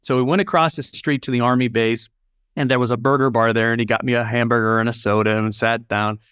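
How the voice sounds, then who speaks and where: Animated storytelling man, dry sound. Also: mid-range voice, fast talker, clear, resonant tone, no echo. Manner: animated storyteller who acts out dialogue. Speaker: podcast guest, auctioneer. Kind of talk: personal storytelling in an interview.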